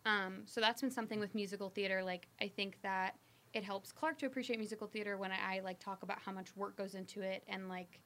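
A young woman and trained singer chatting as a guest, talking with vocal fry. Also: medium pitch, steady tone, fast, a bit bright. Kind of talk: casual chat.

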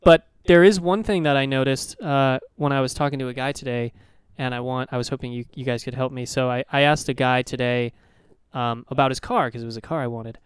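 A man's voice: mid-range voice, steady tone, a little fast, few pauses, clear, resonant tone, no room sound. A young man co-hosting a community radio show, telling rambling, joking stories and swearing freely. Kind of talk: casual chat.

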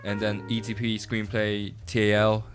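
A man's voice: lowish voice, monotone, normal speed. A young man co-hosting a podcast, rambling and stumbling over his words in casual chat. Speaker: podcast co-host. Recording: music playing behind.

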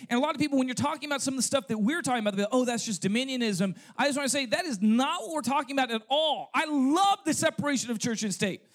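A male pastor preaching a sermon, checking in with "okay?" and "right?" and firing off rhetorical questions. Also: very high-pitched. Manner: punctuates points with "okay?" and "right?"; asks rhetorical questions to the congregation. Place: church service.

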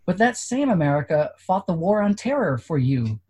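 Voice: medium pitch, sing-song, moderate pace, warm tone, breathy edge. A reader giving an earnest, declamatory dramatic reading during a worship service.

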